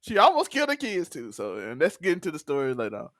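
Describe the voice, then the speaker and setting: A man chats through a TV recap in a loose, laughing way, often acting out quotes. His voice sits fairly high and the recording is dry and close. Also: huge pitch swings, quick pace, fairly bright tone, no room sound. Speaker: podcast co-host. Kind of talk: casual TV recap chat.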